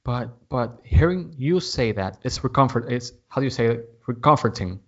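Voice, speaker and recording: A man's voice: mid-range voice, lively intonation, moderate pace. Hesitant man hosting a podcast. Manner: hesitant, repeats words, searches for English words. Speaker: podcast host. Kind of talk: casual podcast interview. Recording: slightly muffled audio.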